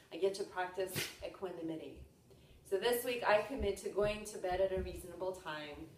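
A woman speaking in an earnest, steady way, calmly listing the details of her daily routine. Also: medium pitch. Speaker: mother and yoga practitioner. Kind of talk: casual reflective talk. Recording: roomy, from a distance.

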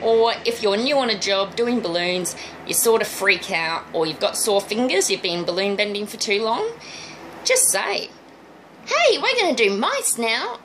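A woman's voice: medium pitch, a bit bright, a little hiss or hum, low-quality recording. A middle-aged woman, chatting through a balloon twisting demonstration step by step. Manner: chatty, friendly step-by-step instructions. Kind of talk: casual demonstration tutorial.

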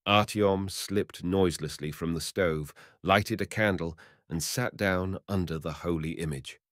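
Deep-voiced man reading a story. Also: a little slow, hardly any pauses, no room sound, clean studio sound. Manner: expressive storytelling. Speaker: narrator. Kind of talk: reading a short story aloud.

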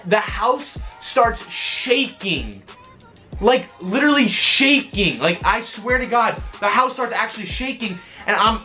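A young man, excitedly telling a story on his vlog, swearing and exaggerating. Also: extremely high pitch. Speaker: vlogger.

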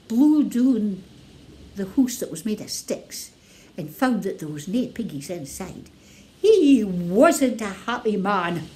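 A woman with a Scottish accent telling a children's story in a playful, expressive way. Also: mid-range voice.

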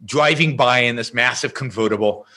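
A man as an interview guest, telling an anecdote in a lively way and often restarting his sentences. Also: mid-range voice, normal speed. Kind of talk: explaining and storytelling in conversation.

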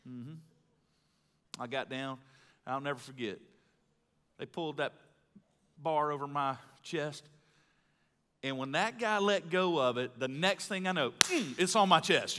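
A middle-aged man from Mississippi, preaching a live sermon in a folksy storytelling way that swings between loud and hushed. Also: a little high, moderate pace, long pauses, smooth. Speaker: pastor. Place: large church hall. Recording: live hall with long reverb.

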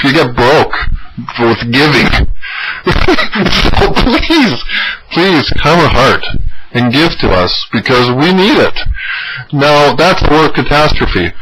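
A man hosting a mock news commentary, joking and mock-solemn, laughing often. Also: mid-range voice. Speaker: comedy host. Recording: noisy home recording.

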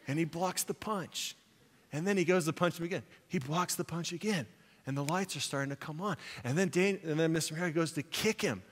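A man preaching a sermon as pastor, telling a movie story with animated quoted lines before turning it into a spiritual point. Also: medium pitch, brisk, in a large hall. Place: church sanctuary.

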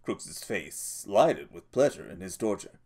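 A man reading an audiobook as narrator in a steady, measured way. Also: low-pitched, slightly rough.

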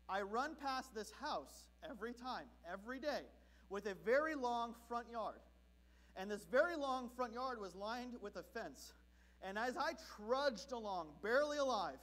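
Man with a very high voice preaching. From Southern California. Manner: animated comic storytelling. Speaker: pastor. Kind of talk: sermon.

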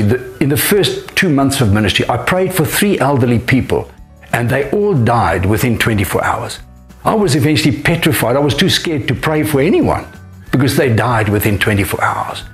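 An older man preaching a sermon as pastor, lifting his voice on key phrases. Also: medium pitch. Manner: emphatic, rising on key phrases.

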